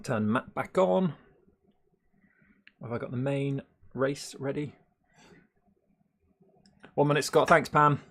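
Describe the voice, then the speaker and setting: A man's voice: medium pitch, takes it slowly, gravelly, pauses often, a bit bright. A man chatting casually on a live stream, rambling and laughing often, with many hesitant fillers.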